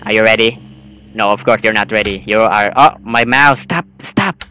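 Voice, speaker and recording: Excitable man narrating horror gameplay. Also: fairly low pitch, fairly quick, clear, resonant tone, no echo, low-quality recording. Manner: rambling, excitable, bursts into yelps and screams. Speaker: gaming channel host.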